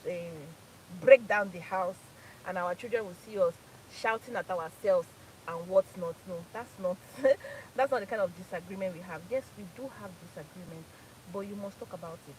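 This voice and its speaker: A woman's voice: medium pitch, moderate pace, darkish tone, a little hiss or hum, rough recording. A Nigerian woman in her thirties from Port Harcourt, hosting a casual live chat, laughing often and repeating phrases for emphasis. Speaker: live stream host.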